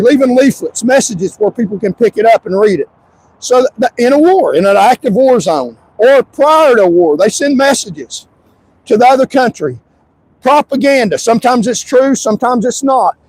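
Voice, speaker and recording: A man talking on a livestream in an insistent, repetitive way, stretching out key words and sometimes shouting. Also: extremely high pitch, slight background noise, low-quality recording. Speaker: livestream commentator. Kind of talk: emphatic livestream monologue.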